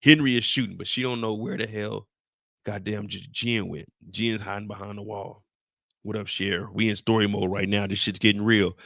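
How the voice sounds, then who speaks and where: Gravelly, bright-voiced man recapping a show. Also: lowish voice, fairly even intonation, moderate pace, dry recording, clean studio sound. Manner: acts out scenes with sound effects and personal anecdotes; profane, slangy. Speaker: host recapping a TV episode live. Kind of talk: animated storytelling recap.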